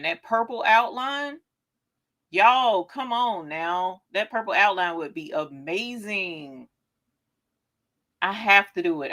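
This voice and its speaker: An excitable woman in her forties hosts a casual live craft stream and chats straight to her viewers. Her voice is bright and forceful, and it leaps around a wide pitch range whenever she gets excited. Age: 40s. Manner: gushing, excitable exclaiming; talks straight to viewers as "y'all". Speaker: craft show host.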